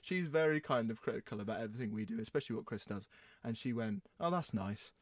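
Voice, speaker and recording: A young man with a mid-range voice hosts a relaxed podcast chat. He teases his co-host and laughs readily. The recording is dry and close. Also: mid-range voice, dry recording. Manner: teasing, playful, quick to laugh. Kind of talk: casual chat.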